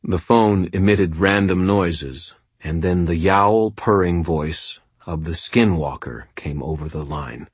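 A man narrates a first-person novel in a deep, unhurried voice with a slight husk. The sound is dry and close to the mic, and his delivery stays wry and even. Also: husky, no room sound. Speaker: audiobook narrator.

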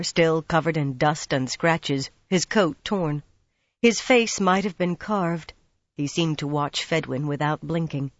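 A woman reading a fantasy audiobook in a calm, even manner. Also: sits low, no echo, lo-fi sound. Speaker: audiobook narrator. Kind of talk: scripted fantasy narration.

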